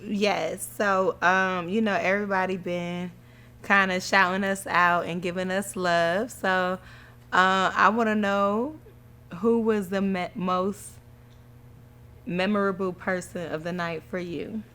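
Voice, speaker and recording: A woman's voice: on the low side, slow. Chatty woman telling wedding stories. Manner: animated storytelling, laughing often. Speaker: podcast co-host, newlywed bride. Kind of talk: casual chat.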